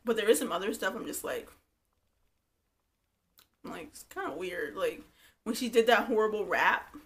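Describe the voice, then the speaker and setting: A young woman giving blunt, profane, animated commentary on a reality show, acting out quotes as she retells scenes. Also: mid-range voice, moderate pace. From Virginia Beach, USA. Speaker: reality TV reviewer. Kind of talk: casual commentary.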